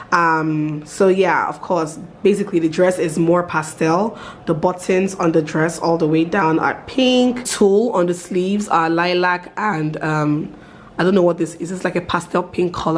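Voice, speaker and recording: A woman's voice: lowish voice, slight background noise. A woman, chatting upbeat as a vlogger at home. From Nigeria. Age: 30s. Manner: chatty, upbeat, lots of fillers. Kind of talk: casual vlog chat.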